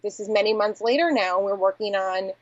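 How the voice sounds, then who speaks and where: A woman's voice: mid-range voice, brisk, no room sound. A woman agency founder talking candidly and reflectively as an interview guest, often saying "like" and "you know". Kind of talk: conversational interview. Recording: dull dry audio.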